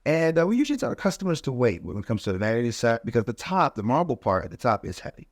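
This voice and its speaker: A man, a podcast guest, telling his story in a relaxed, casual way with many fillers, and growing animated as he relives the events. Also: fast talker, no echo, clean studio sound. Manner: animated, rising pitch when reliving events.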